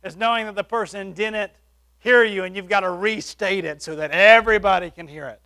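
A man preaching, telling a personal testimony with animated shifts between loud and soft. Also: high voice, fairly quick. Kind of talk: sermon testimony story.

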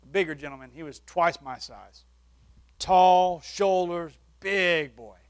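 A man preaching, telling a personal testimony with animated shifts between loud and soft. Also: sits high, slow pace, smooth. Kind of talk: sermon testimony story.

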